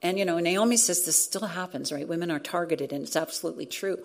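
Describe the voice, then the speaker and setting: A woman's voice: fairly low pitch, fast talker. A middle-aged woman, a radio journalist, telling a story earnestly in conversation, with frequent restarts. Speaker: radio journalist and former show host.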